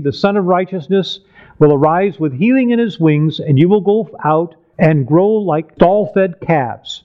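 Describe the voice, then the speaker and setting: A man's voice: high voice, normal speed, phone-quality sound. A man preaching a Bible teaching sermon, reading scripture aloud and explaining it with questions to the listeners.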